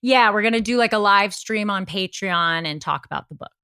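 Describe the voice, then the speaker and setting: Woman podcast co-host, bright tone, dry close mic, joking conversational delivery. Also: mid-range voice, clean tone, dry recording. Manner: playful, jokey, quick asides. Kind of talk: casual chat.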